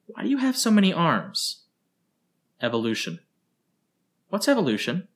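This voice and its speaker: A man voicing a curious little girl who asks eager, quick questions. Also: a little high, wildly swooping pitch, voice pushed up.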